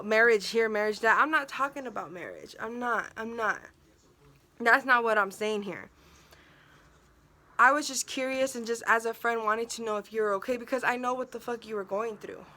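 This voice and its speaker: A woman's voice: fairly high pitch, bright, forceful tone. A young woman telling a personal story on her vlog, emotional and venting, filled with "like" and quoted dialogue.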